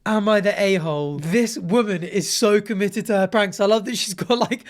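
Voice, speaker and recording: A man with a fairly high voice hosts a comedy commentary show. He reads online posts aloud and reacts to them with animated sarcasm and plenty of mock outrage. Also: moderate pace. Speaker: host reading and judging online posts.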